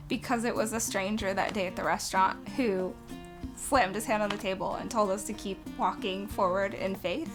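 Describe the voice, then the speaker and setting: Woman, personal testimony, earnest and emotional, halting restarts, soft music underneath. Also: medium pitch. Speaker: author sharing her faith story.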